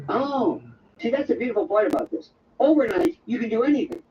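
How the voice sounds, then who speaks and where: A man hosting an overnight radio talk show. He tells a wandering, jokey monologue and slips into quick impressions. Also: very high voice, lively intonation, recorded from a distance, highs cut off, a little hiss or hum. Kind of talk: rambling comic monologue.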